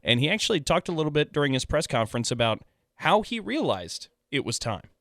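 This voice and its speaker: A man hosting a sports radio talk show, introducing clips in a measured way. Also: fairly high pitch, very animated, fairly bright tone, no room sound, clean studio sound. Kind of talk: scripted sports talk segment.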